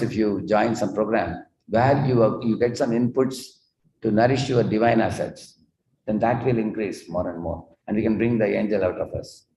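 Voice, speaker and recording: A man's voice: lowish voice, mellow, slight background noise. A man giving a spiritual talk with slides to a gathered audience, explaining and telling stories and asking rhetorical questions. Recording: echoey hall.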